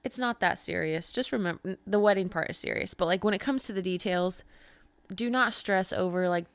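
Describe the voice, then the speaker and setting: A woman's voice: mid-range voice, a little fast, smooth, no room sound. A young adult woman hosting a podcast, chatting casually and animatedly, with lots of "like". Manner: chatty, animated storytelling with frequent "like". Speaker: podcast host. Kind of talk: casual chat.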